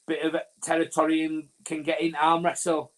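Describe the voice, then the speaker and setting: The voice is on the high side, monotone and a bit bright, moving at a moderate pace. It belongs to a Northern English man co-hosting a live rugby league fan watch-along, who rambles, cuts across his co-host, and fills his talk with fillers and restarts.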